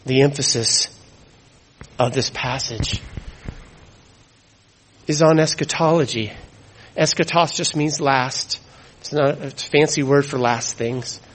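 A man preaching a sermon, emphatic, repeating key phrases and dropping to hushed tones for weight. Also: medium pitch, slow pace, pauses often, poor audio.

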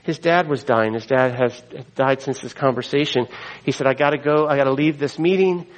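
A man's voice: mid-range voice, brisk, poor audio. A middle-aged man preaching a sermon, earnest, weaving in scripture quotes and asides. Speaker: pastor.

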